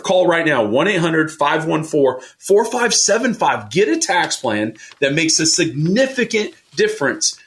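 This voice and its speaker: A man hosting a weekend radio finance show, talking with passion and pushing listeners to call in. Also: fairly high pitch. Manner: passionate, pushy, repeats phone number. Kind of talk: energetic sales talk on radio.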